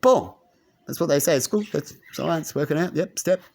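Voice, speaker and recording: A slightly high yet darkish-toned male voice, steady and brisk, with vocal fry. He's a channel host delivering a rambling ranting monologue to camera, continually tagging points with a rhetorical "right?".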